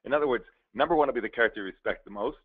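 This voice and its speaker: A man's voice: mid-range voice, very fast, slightly rough. A man, a professional speaker, giving a playful, interactive storytelling presentation and addressing his audience directly. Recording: tinny narrow-band recording.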